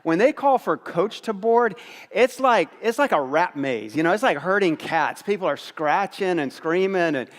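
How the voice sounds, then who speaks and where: A pastor preaching a sermon, telling a humorous, self-mocking story in a lively storytelling way. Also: male voice, sits high, normal speed, in a large hall. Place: church auditorium.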